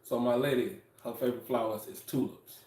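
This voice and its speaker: A man co-hosting a casual talk show with his wife, telling stories in an animated way and acting out what people said. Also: medium pitch, brisk, slight background noise. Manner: animated storytelling, acts out quotes. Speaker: podcast co-host, husband. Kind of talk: casual chat. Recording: echoey room, distant mic.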